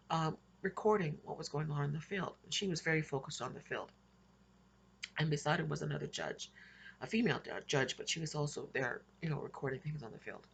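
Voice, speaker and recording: A woman's voice: deep voice, gravelly, a bit bright, slightly rough. A woman casually recounting her dreams in a rambling way, with frequent restarts and little laughs. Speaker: Christian vlogger recounting dreams. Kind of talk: casual spoken storytelling.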